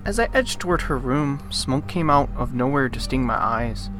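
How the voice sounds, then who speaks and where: A man hosting a let's play, reading a visual novel's narration aloud and breaking off into animated, joking rants. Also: medium pitch, normal speed, faint music behind. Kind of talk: reading game text aloud with commentary.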